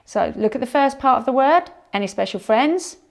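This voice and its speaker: A woman teaching a phonics lesson to young children, sounding out words slowly and encouraging them. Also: high voice, lively intonation, gravelly. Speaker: primary school teacher.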